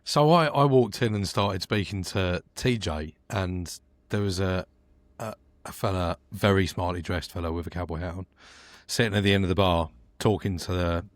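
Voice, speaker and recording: A man with a British accent, co-hosting a podcast, telling an anecdote with animated energy. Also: low voice, moderate pace, dry recording. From Britain. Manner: animated, laughing while telling a story. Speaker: podcast co-host. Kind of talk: storytelling in casual chat.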